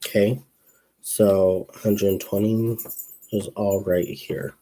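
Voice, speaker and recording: A man's voice: fairly low pitch, flat delivery, slow pace, mellow. A young man hosting a casual crochet livestream, chatting in a rambling way, reading viewer comments aloud and counting stitches under his breath.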